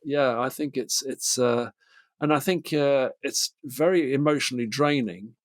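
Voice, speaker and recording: A man's voice: mid-range voice, measured pace, no echo. A middle-aged man, a therapist from Britain, speaking thoughtfully and hesitantly with many fillers. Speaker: therapist guest. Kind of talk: casual conversation.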